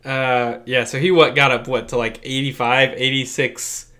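A man's voice: medium pitch, little pitch movement, pushed and bright. A man co-hosting a casual sports chat, rambling and correcting himself as he goes. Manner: rambling, self-correcting, quick to laugh. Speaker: podcast co-host.

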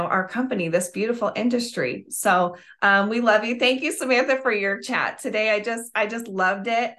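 A woman's voice: mid-range voice, fairly bright tone. A woman giving a casual motivational sales training on a video call, gushing and chatty. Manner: gushing, chatty, full of "oh my gosh". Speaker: network marketing trainer.

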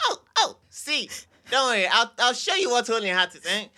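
A performer playing a playful houseboy with a Ghanaian English accent, teasing and mixing in pidgin. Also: male voice, extremely high pitch, sing-song, fairly quick, sharp tone, full character voice. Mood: joking. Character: joking young houseboy, Richie.

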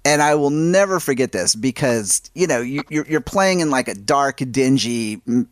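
A middle-aged man hosting a podcast, telling a story in a relaxed, rambling way with quick asides. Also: medium pitch, dry recording, studio quality. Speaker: podcast host. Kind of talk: casual chat.

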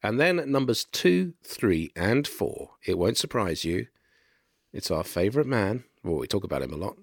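A man co-hosting a book podcast, sounding deeper and throaty from a virus, talking with hesitant restarts. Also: big pitch swings, moderate pace, gravelly, no room sound, clean studio sound. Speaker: podcast co-host and publisher. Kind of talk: casual podcast chat.

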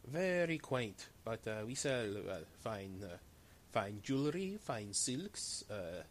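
A man's voice: medium pitch, animated, moderate pace, a little hiss or hum, natural voice. A man voicing a shifty male trader who talks in broken English, haggling and repeating his words. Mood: wheedling.

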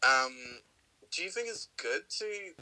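Man, podcast co-host, very bright tone, teasing chat, quick laughs. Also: sits high, expressive, low-quality recording. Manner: laughs often, teasing, chatty. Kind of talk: casual comedic chat.

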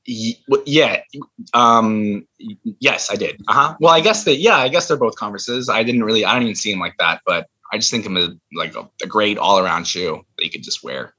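Husky, bright-voiced man on a casual call. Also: fairly low pitch, lively intonation, a little fast, poor audio. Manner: hesitant, restarts, gets heated then sheepish. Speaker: podcast co-host. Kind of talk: casual chat. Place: remote video call. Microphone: video call.

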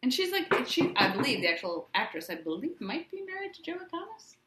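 A woman's voice: high voice, very animated, a little fast, background noise. A woman in casual chat, animatedly retelling a plot and acting out the characters' lines. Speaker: co-host recapping a musical.

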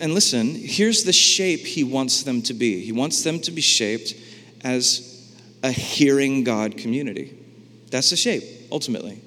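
A man preaching a sermon in a lively, conversational way, asking his congregation questions and acting out the voices in the scripture. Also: a little high. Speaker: pastor. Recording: long hall reverb.

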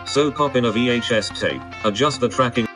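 A man's voice: medium pitch, brisk. A man reading a scripted, campy show introduction. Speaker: show announcer. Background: guitar music.

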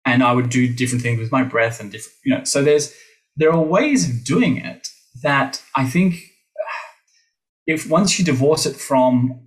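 A man's voice: medium pitch, moderate pace, low-quality recording. A middle-aged Australian man, a voice teacher, talking animatedly in a podcast interview, with playful asides to the listeners. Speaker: guest, voice teacher.

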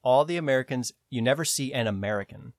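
A man co-hosting a podcast in casual chat, animated and sometimes breaking into shrill mocking voices. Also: quick pace, no echo, clean studio sound. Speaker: podcast co-host.

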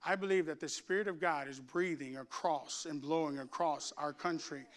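A middle-aged man preaching a sermon from the pulpit, his voice high for a man and smooth and resonant. He mixes relaxed, joking stories with bursts of loud, fervent preaching to a congregation in the sanctuary. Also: moderate pace. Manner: rising to loud, fervent preaching with humorous asides. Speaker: pastor. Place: church sanctuary before a congregation.

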